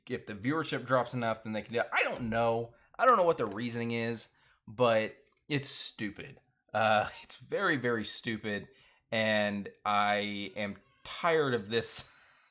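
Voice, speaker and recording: A man's voice: medium pitch, fairly bright tone. Man, live-stream host, casual chat, rambling, filler-heavy, laughs a lot. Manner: rambling, many fillers and restarts, laughs often. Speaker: show recap host.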